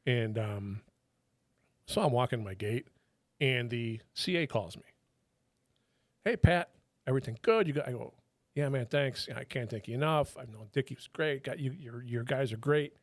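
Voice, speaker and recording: A man's voice: mid-range voice, normal speed, no room sound, clean studio sound. A middle-aged man, a retired federal agent, telling stories casually and animatedly, swearing freely and acting out what others said. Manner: animated, swears freely, quotes people in their own voices. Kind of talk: casual storytelling.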